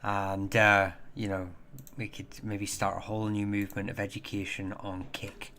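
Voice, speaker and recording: A man hosting a casual livestream and chatting with viewers in a rambling, halting way, with many fillers and restarts. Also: fairly low pitch, level tone, bright, forceful tone, slight background noise. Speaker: livestream host.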